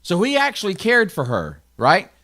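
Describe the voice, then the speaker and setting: A man with a Tennessee accent giving a conversational Bible study, often checking in with his listeners and adding quick asides. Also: high-pitched, huge pitch swings, sharp tone. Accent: Southern US, Tennessee. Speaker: pastor.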